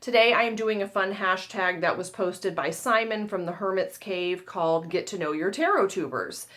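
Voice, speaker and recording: A woman's voice: mid-range voice, normal speed, a bit bright. A woman in her forties from the United States, hosting her own tarot channel and chatting casually to camera. She talks in a chatty, self-mocking way and laughs at herself. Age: 40s.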